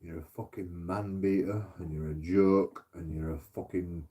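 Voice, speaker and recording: Rambling, swearing English man with a dark voice. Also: low-pitched, fairly even intonation, moderate pace. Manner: rambling, profane, laughs at himself. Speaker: streamer. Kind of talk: casual rant to viewers.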